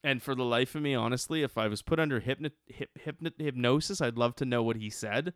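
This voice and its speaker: A man in casual conversation, telling a rambling, profanity-laced story full of restarts. His voice is smooth and clear, and the recording is dry and close with no room sound. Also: mid-range voice, fast, dry recording.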